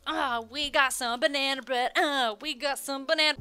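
A woman livestreaming in casual chat, excitable and given to loud, sweary outbursts. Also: high voice, measured pace, hardly any pauses. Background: background music.

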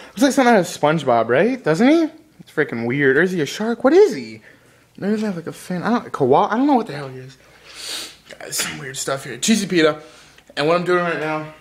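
A young man chatting casually in a home vlog, rambling and goofy, jumping between topics while he eats. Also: a little high. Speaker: vlogger.

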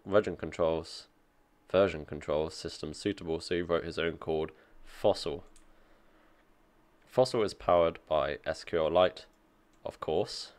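Low-voiced man doing casual tech commentary. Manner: reads aloud and comments offhandedly, dry jokes. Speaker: tech streamer reacting to an article.

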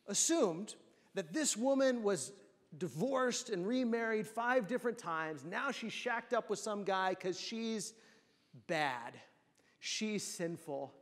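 A man preaching a sermon in a church, asking the congregation rhetorical questions. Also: sits high. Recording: long church hall reverb.

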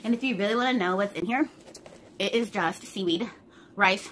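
A woman's voice: mid-range voice, moderate pace, pauses often, fairly bright tone, slight background noise. A young woman talking casually to her viewers while she eats, chatty and swearing freely. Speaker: vlogger. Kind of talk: casual mukbang vlog.

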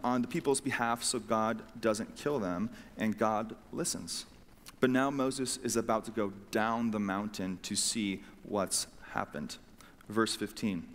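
A male pastor preaching in a church, his mid-pitched voice carrying a long hall reverb. He tells the story casually and with animation, slipping into quick, playful voices for the people in it. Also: fairly bright tone. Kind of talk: sermon. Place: church sanctuary.

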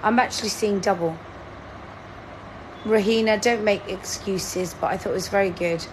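A woman's voice: mid-range voice, steady tone, moderate pace, noisy background. A woman, hosting a live-stream word-guessing game in a chatty, teasing, playfully dramatic way. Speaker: livestream host.

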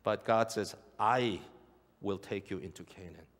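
Speaking unhurriedly in a lowish, fairly bright voice, this middle-aged pastor delivers an earnest sermon, returning to key phrases and questioning his congregation. Long hall reverb fills the church sanctuary.

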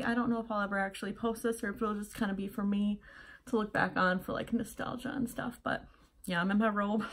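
A young pregnant woman chatting casually as she gets ready at home, a little out of breath and rambling with lots of fillers. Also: mid-range voice. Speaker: vlogger. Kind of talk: casual getting-ready vlog.

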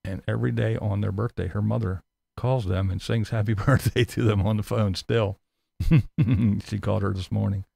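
A man with a gravelly, fry-laden voice hosts a live-stream commentary. He rants in a sarcastic, mocking way, swears freely and laughs often. His voice sits close and dry, with no room around it. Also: lowish voice, steady tone, moderate pace, dark tone, no echo. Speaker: YouTube commentary host reading live chat.

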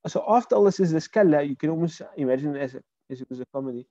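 A man's voice: fairly high pitch, lively intonation, very fast, hardly any pauses, dark tone, dry recording, highs cut off. Man teaching Arabic over a video call. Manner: explains word by word, asks students questions. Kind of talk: online Quran Arabic lesson.

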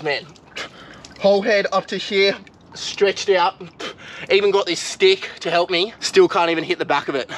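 A young Australian man vlogging outdoors, talking excitedly and casually to his viewers, with plenty of slang. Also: fairly high pitch. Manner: excitable, slangy, swears mildly, addresses viewers as guys. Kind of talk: casual vlog narration to camera. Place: outdoors in mangrove mud flats.

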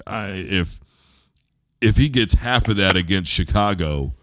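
A man's voice: low voice, lively intonation, measured pace, fairly bright tone, no echo. A man in his thirties hosting a casual sports talk show, loose and rambling, often repeating words as he starts a thought. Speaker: show host.

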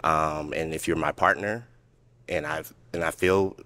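Very deep-voiced man in his thirties. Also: fairly even intonation, bright, forceful tone. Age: 30s. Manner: measured, explaining his reasons. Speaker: dating show contestant.

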